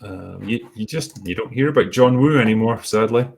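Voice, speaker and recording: A middle-aged man talks in a low, unhurried voice. He hosts a loose chat, stopping and starting with ums. His tone stays wry and dry. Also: vocal fry, slight background noise. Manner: laid-back, halting with many ums, wry. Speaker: host. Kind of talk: casual chat reading superchats.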